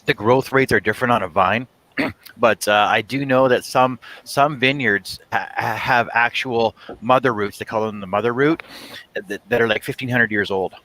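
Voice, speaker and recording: A man's voice: mid-range voice, moderate pace, sharp tone. A man, joking easily in a casual live chat. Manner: easygoing and jokey.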